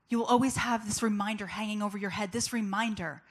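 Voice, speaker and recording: A woman delivers a personal testimony as a public speaker, telling her story candidly and conversationally with plenty of casual fillers. Her mid-range voice is steady and fast, with few pauses.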